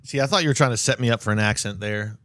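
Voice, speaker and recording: A man's voice: lowish voice, fast, bright, forceful tone, no echo, studio quality. Self-deprecating man, podcast guest. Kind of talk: casual chat.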